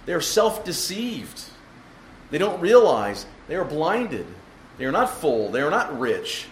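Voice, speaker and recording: A man's voice: a little high, very animated, slow, slight background noise. Man preaching a sermon in an echoey room. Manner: expository, asks rhetorical questions, emphatic. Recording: echoey room with faint ambience.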